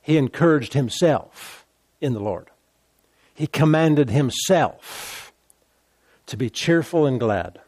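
A man's voice: mid-range voice, animated, slow, pauses often, a little mellow, dry recording. Male preacher, sermon, emphatic with repeated phrases, dry close sound.

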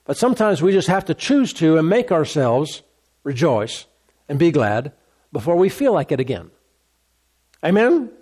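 A man's voice: on the high side, sing-song, normal speed, long pauses, darkish tone, breathy edge. A male pastor preaching a sermon, repeating key words for emphasis and asking rhetorical questions.

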